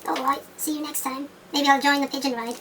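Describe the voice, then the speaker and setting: Woman doing a puppet doctor guy, new on the job, clipped put-on foreign twang, kinda high. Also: steady tone, a little fast, distant mic, noisy background, close to an everyday voice. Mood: matter-of-fact. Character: new, self-assured male doctor puppet.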